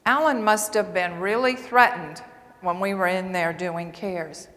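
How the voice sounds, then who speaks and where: A woman nursing assistant and coach giving an earnest, animated storytelling speech to a large audience. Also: fairly low pitch, a little slow. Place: large hall before several hundred people. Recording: long reverb of a large hall.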